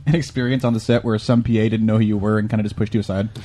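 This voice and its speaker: A man co-hosting a casual movie commentary, tossing in jokey quick asides. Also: on the low side, fairly even intonation, warm tone.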